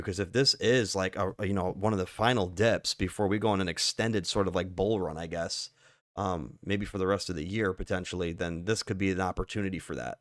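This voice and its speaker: A man's voice: low voice, fairly bright tone, no echo, studio quality. A man casually walking through stock charts, rambling with lots of fillers and the odd curse. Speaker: stock market commentator. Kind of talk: casual chart analysis walkthrough.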